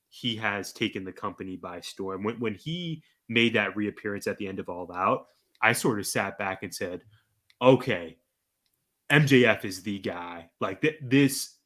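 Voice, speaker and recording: A man's voice: fairly low pitch, pushed and bright. A man co-hosting a podcast, chatting casually and making his points with emphatic admiration. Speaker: podcast co-host.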